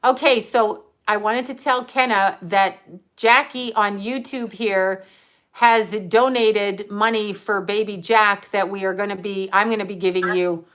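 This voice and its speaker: A woman's voice: mid-range voice, steady tone, measured pace, a bit bright. A woman hosting a casual livestream, chatting and rambling with frequent laughs. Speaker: livestream host.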